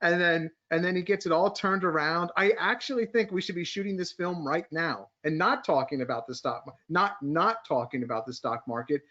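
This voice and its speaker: A man's voice: on the high side, fairly quick, few pauses, sharp tone. A male co-host of a podcast chatting casually, joking around and then explaining stock charts step by step, with many restarts. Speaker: market strategist and co-host. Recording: muffled lo-fi audio.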